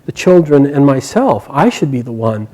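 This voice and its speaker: A man's voice: mid-range voice, sing-song, normal speed, warm tone, poor audio. A man voicing a distraught middle-aged wife in a told myth, anxiously arguing for herself.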